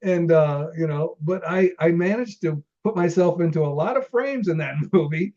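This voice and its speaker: A man's voice: on the high side, lively intonation, normal speed, mellow, dull audio. Rambling man telling old film-set stories. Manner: rambling, many restarts, laughs while telling. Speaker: interview guest, former film extra. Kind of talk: casual storytelling interview.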